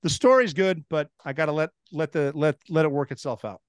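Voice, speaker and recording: A man in his forties from the United States, a podcast guest telling animated stories in casual chat, with restarts and laughs. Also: a little high, fairly quick, smooth, no room sound, studio quality. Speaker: podcast guest, former Navy SEAL.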